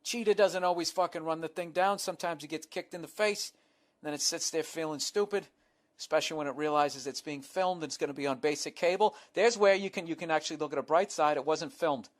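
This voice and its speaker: A man's voice: fairly high pitch, quick pace. Profane, sarcastic Boston man hosting. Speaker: podcast host answering a listener letter. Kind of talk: casual comedic podcast monologue.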